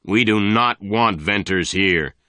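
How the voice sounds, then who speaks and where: Menacing rancher villain read by a man, very deep voice, slow threats, dry sound. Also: bright, forceful tone, no echo. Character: tall dark menacing male rancher, angry.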